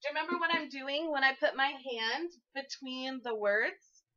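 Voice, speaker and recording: A woman teacher giving an early-grade classroom lesson to camera, sing-song and encouraging, speaking slowly for young children. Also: high voice, sharp tone, lo-fi sound.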